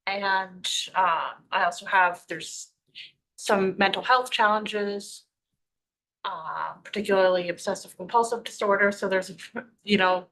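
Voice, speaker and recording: A woman introduces herself at a committee meeting. She speaks thoughtfully and haltingly, with frequent pauses and fillers. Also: medium pitch, steady tone, bright, forceful tone, rough recording. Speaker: committee member.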